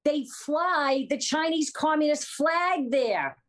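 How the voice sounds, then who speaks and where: A woman's voice: high voice, expressive, takes it slowly, a bit bright. A woman guest on a political talk show, talking emphatically and repeating her points.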